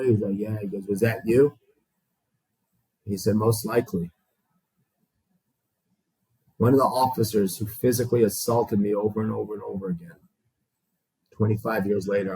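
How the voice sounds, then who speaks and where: Casting: male storyteller, husky, dry close sound, raw and profane, plays out quoted dialogue. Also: medium pitch, dry recording, low-quality recording. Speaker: guest sharing his recovery story. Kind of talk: emotional storytelling to a small group.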